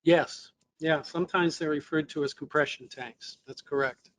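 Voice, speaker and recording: A man's voice: fairly high pitch, steady tone, normal speed, a bit bright. A man presenting a technical webinar lesson, explaining step by step with fillers and restarts, his voice a little worn. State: losing his voice.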